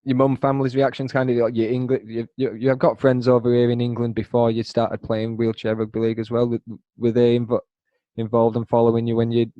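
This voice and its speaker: A man with a mellow, warm-toned voice hosts a relaxed podcast chat, teasing his guest. The audio is dry and dull, with a lo-fi podcast sound. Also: medium pitch, fairly quick, no echo. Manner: laid-back, teasing, laughs often. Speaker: podcast host. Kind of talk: casual interview chat.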